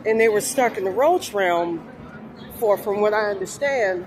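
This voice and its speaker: A woman's voice: mid-range voice, normal speed, noisy background. Rambling New woman vlogging. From New Orleans, USA. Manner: rambling, meandering, frequent fillers. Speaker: spiritual vlogger. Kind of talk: casual monologue.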